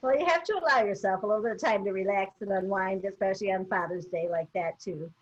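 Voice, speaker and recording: A woman co-hosting a webinar tells a personal story in a casual, chatty, motivational way with many fillers. She's a fast talker with a mid-range voice, and the highs are cut off.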